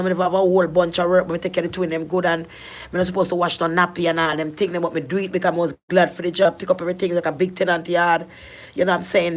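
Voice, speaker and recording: Speaking in a lowish voice, a middle-aged Jamaican-accented woman shares her personal life story in earnest patois. She frequently repeats and restarts her phrases.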